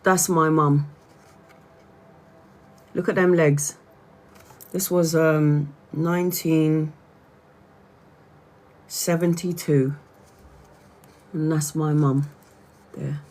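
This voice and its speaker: A woman's voice: low voice, steady tone, very slow, pauses often, darkish tone. A chatty woman from Brazil hosts a casual livestream. She laughs often and keeps restarting her sentences as she talks. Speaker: tarot reader livestream host.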